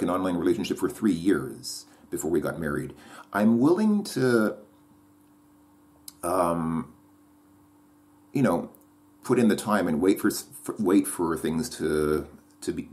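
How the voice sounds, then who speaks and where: A man's voice: sits low, a little mellow. A man talking to camera in a casual vlog monologue, rambling and repeating himself. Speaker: vlogger.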